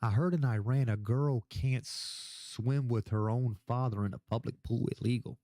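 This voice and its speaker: A man's voice: medium pitch, steady tone, normal speed, dark tone, no echo. A tipsy young man hosting a casual livestream, rambling, swearing a lot and repeating himself as he answers chat questions.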